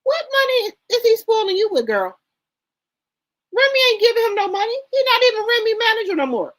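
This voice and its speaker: Host: woman, AAVE speech, high and sing-song voice. Sassy, indignant gossip commentary, repeats for emphasis. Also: big pitch swings, a little fast, a bit bright. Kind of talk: casual commentary reading posts aloud.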